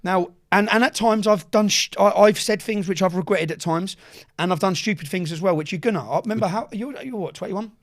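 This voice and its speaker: Speaking a little fast in a high voice with few pauses, a man on a podcast spins casual stories, cursing freely and performing the quoted dialogue of others.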